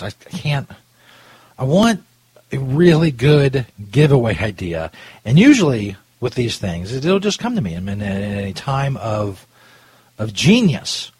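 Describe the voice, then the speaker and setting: A man's voice: medium pitch, a little mellow, slightly rough, dry recording. A man hosting a casual live podcast, rambling and profane, often restarting his sentences. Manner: loose, rambling, profane, self-interrupting. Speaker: podcast host. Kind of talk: casual talk show banter.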